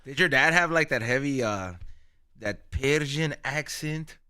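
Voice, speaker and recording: A man hosting a casual podcast, talking in slangy, excitable bursts and laughing often. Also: medium pitch, unhurried, smooth. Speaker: podcast host.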